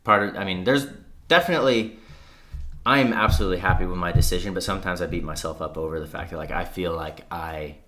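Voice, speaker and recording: A man's voice: deep voice, fast, fairly bright tone. A man in his thirties, a podcast guest, talking earnestly and reflectively, with frequent "like" and casual swearing. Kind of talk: candid conversation.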